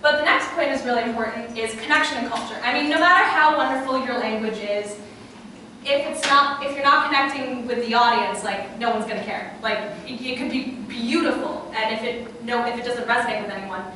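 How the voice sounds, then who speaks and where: Bright-voiced young woman presenting in a room. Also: a little high, a little fast, a little hiss or hum. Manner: chatty, lively, with frequent fillers and asides to the audience. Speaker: workshop presenter. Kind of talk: live classroom presentation. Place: classroom or small auditorium with an audience. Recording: echoey room, far from the mic.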